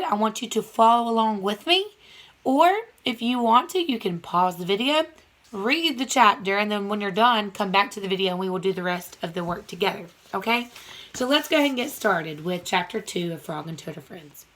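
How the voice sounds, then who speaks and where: A woman's voice: fairly high pitch, fairly bright tone. A young woman teaching first grade by video, upbeat and playful, asking the children questions as she reviews a storybook. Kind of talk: video reading lesson for children.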